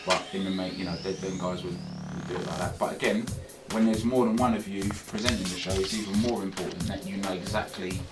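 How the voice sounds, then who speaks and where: British man, radio DJ guest speaker, very deep voice, animated, roomy classroom, music playing behind. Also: fast, hardly any pauses, far from the mic. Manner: animated, acts out examples, shifts loudness. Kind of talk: classroom talk on radio presenting.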